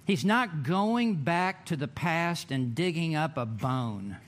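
A man preaching a sermon in a church, emphatic, with dramatic pauses and drawn-out words. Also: on the high side, animated, slight background noise. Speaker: pastor.

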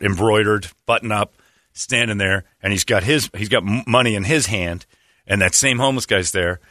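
A middle-aged man hosting a podcast, telling crude funny stories in a casual, animated way and laughing a lot. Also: fairly low pitch, no room sound, clean studio sound. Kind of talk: casual comedic storytelling.

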